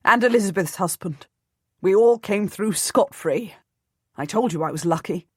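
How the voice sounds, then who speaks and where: A woman voicing a grown nobleman knight, yelling with joy and then scolding. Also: medium pitch, normal speed, breathy edge, no room sound, studio quality, natural voice. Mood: stern. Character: jubilant nobleman knight in armour, grown man.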